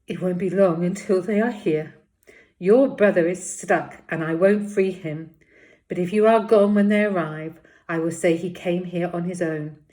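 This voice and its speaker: A woman's voice: sits low, fairly even intonation, slow, long pauses. A woman voicing a shaken widowed lady rabbit. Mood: shaky. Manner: quiet, shaky and near tears. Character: frightened noble lady rabbit, a chieftain's widow.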